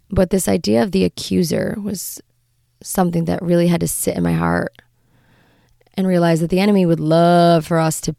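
A young adult woman, a mother, sharing an earnest faith reflection and reading scripture aloud, often halting and repeating words as she searches for phrasing. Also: on the low side, vocal fry, dark tone, dry recording, studio quality.

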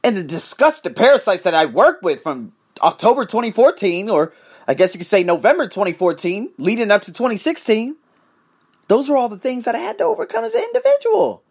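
A man's voice: sits high, very animated, brisk, creaky, slightly rough. A man hosting his own podcast, ranting in a profane, emphatic solo monologue. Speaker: podcast host.

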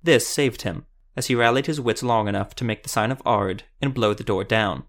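A man narrating a fantasy audiobook in a steady, even storytelling manner. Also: on the low side, moderate pace.

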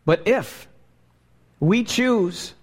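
A male pastor preaches in a high voice at a slow, deliberate pace, putting rhetorical questions to his congregation. His words ring out with a long reverb through the church hall where he was recorded live. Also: animated, husky. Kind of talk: live sermon. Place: church sanctuary.

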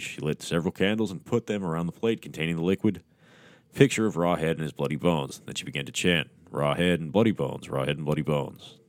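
A man's voice: low voice, dry recording. A man hosting a podcast, reading a horror story aloud with crude, mocking asides. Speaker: podcast host.

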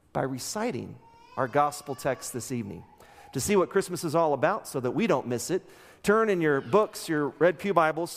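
Pastor preaching in a reverberant church. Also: male voice, on the high side, vocal fry. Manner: animated storytelling, acts out characters' lines. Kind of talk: sermon. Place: church sanctuary.

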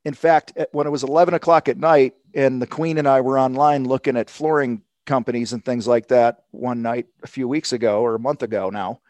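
Animated storytelling man, dry sound. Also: medium pitch, a little fast, hardly any pauses, dry recording. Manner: animated storytelling, acts out quotes. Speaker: sales coach guest. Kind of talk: casual podcast conversation.

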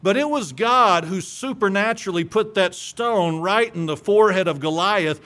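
A man's voice: high voice, normal speed, bright, forceful tone. A man preaching a sermon, reading scripture aloud and retelling it with emphatic storytelling.

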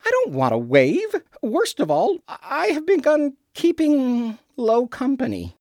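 A woman's voice: high voice, huge pitch swings, unhurried, a little mellow, no room sound, clean studio sound, heavily acted. A woman voicing a once-reserved male theater critic who has turned into a melodramatic ham, in radio drama acting. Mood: earnest. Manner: overwrought, theatrical swoops between declaiming and confiding.

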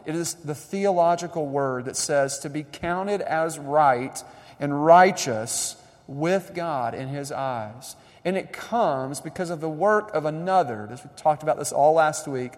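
A young adult man preaching a sermon in a conversational, animated way, building up emphasis. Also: fairly high pitch. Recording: long reverb of a large hall.

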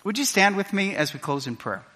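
A man's voice: sits high, big pitch swings, fairly quick, sharp tone, breathy edge. A middle-aged man preaching a sermon as pastor, telling a personal story with emotion and acting out the voices of others. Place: church sanctuary. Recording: reverberant church hall.

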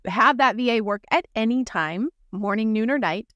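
A woman co-hosting a casual podcast, talking in an animated way and acting out remarks she quotes. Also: a little high, normal speed, dull audio. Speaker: podcast co-host. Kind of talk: casual conversational podcast chat.

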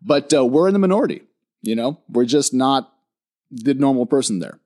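A man speaking as a podcast guest in a sleepy morning voice. He explains things casually and at length, restarting often, in a mid-pitched voice. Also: lively intonation, normal speed, warm tone. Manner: thoughtful, explains at length with frequent ums and restarts.

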